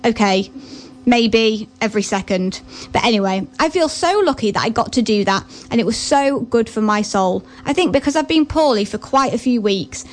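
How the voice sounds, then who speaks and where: Woman radio presenter, bubbly and chatty, a touch flustered, voice on the high side. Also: normal speed. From half Scottish.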